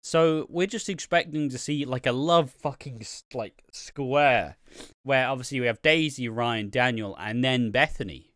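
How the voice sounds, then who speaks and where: Smooth-voiced man rambling on a podcast. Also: medium pitch, a little slow, a bit bright, no echo, studio quality. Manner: rambling, many "um"s and "like"s, casual swearing. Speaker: podcast host. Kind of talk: casual soap review chat.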